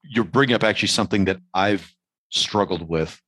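Deep voiced host guy asking a long thoughtful question, kinda searching for words, dry mic. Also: a little fast, fairly bright tone, slightly rough, no echo, low-quality recording. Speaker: podcast host, interviewer. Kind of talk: conversational interview.

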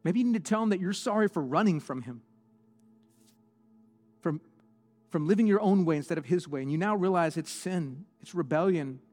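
A male pastor giving an impassioned sermon and altar call in a church, swinging between loud preaching and hushed prayer. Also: high voice, normal speed, long pauses, in a large hall, faint music behind. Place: church auditorium.

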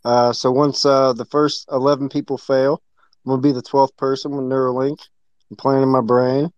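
A man in a casual chat, speaking in a halting, hesitant way. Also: mid-range voice, level tone, a little mellow, clean tone, no room sound. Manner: halting and hesitant, with many fillers. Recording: dull lo-fi mic.

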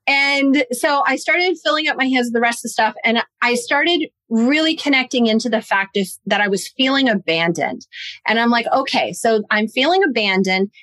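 A woman telling a personal story in a podcast conversation, lively and acting out quoted lines. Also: fairly high pitch, moderate pace, no echo. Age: adult, parent of a young son. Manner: animated, acts out her own and others' quoted lines.

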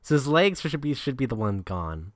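A man's voice: mid-range voice, sing-song, moderate pace, no room sound. A man co-hosting a casual movie review chat, making dry, wry remarks. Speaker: podcast co-host.

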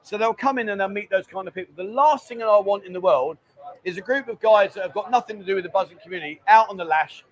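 A man's voice: sits high, fast talker. A man hosting a casual livestream from his bar lounge, chatting and reading out viewer comments. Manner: chatty, banter-filled, reads viewer comments aloud. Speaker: bar owner and livestream host.

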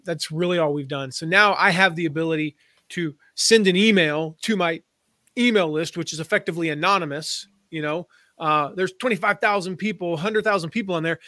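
A man's voice: a little high, brisk, bright, forceful tone, no room sound, studio quality. A man guesting on an interview, explaining his ideas in a chatty, storytelling way and slipping into playful put-on voices. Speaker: guest, affiliate marketing expert. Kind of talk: conversational podcast interview.

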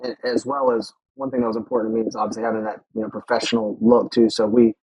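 A man's voice: lowish voice, flat delivery, fast talker, darkish tone, breathy edge, no echo, poor audio. A man who runs a lawn care business, speaking as a guest in a casual, matter-of-fact way. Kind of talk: casual interview chat.

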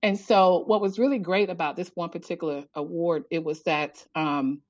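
A woman guest in a casual interview, animated, telling her story and laughing often. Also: normal speed. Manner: animated, laughs often, acts out quotes in a higher voice. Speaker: podcast guest, author and coach.

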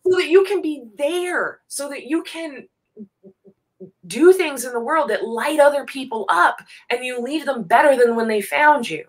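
A woman talking as a guest on a casual show, emphatic and animated, laughing often and repeating phrases for effect. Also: high voice, measured pace. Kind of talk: casual interview talk.

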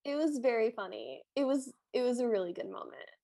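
A woman's voice: on the high side, expressive, fairly quick, vocal fry, mellow, no echo, studio quality. A woman co-hosting a podcast, chatting casually and joking about an episode. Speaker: podcast co-host. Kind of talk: casual chat.

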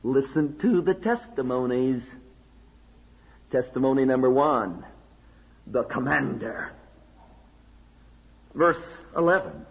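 A man preaching a sermon, emphatic, with rhetorical questions and dramatic pauses. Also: medium pitch, expressive, creaky, husky, dull audio. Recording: long hall reverb.

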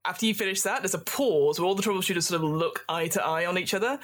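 A woman's voice: on the low side, fast talker. A woman narrating a tabletop game as game master, describing scenes in a loose way with many fillers. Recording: echoey room.

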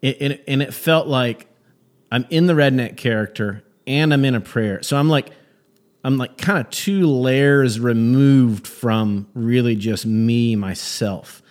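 A stand-up comedian, a man, chatting about his craft in a casual interview. His voice sits at an ordinary middle pitch. He tells stories with plenty of energy and often stumbles over and restarts his sentences. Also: unhurried. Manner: animated storyteller, many restarts. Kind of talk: casual conversation.

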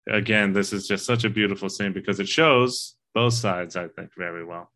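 A man's voice: fairly low pitch, steady tone, normal speed, bright, forceful tone. A man co-hosting a casual movie discussion, talking in an earnest, rambling way and swearing casually. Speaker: podcast co-host.

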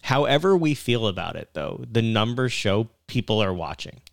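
A man's voice: on the low side, very animated, moderate pace, vocal fry, dry recording, studio quality. A man co-hosting a sports radio show, chatty and laughing often as he talks.

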